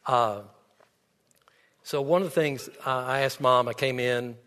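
With a steady, fairly bright voice of medium pitch, this pastor preaches at a measured pace. He speaks earnestly from a church sanctuary, weaving stories with quoted dialogue, as long hall reverb trails each phrase.

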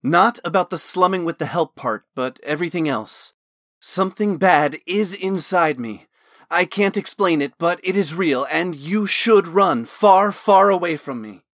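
Storybook role: an intense, haunted young nobleman, high and forceful, delivered dry and close, as a male narrator puts him on. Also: expressive, a little slow, no room sound. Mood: earnest confession. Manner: impassioned, earnest. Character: troubled wealthy young man, haunted and intense.

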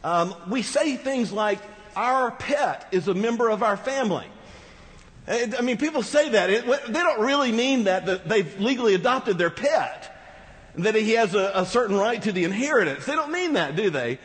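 A man's voice: sits high, animated, moderate pace, a bit bright. A man preaching a sermon as pastor, talking conversationally with rhetorical asides to the congregation. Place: large church hall. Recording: reverberant church hall.

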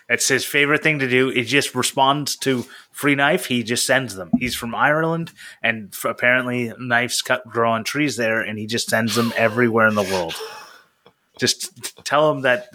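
A man's voice: medium pitch, sharp tone. A man co-hosting a podcast, rambling and teasing in a dry way. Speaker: podcast co-host. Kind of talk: casual podcast chat.

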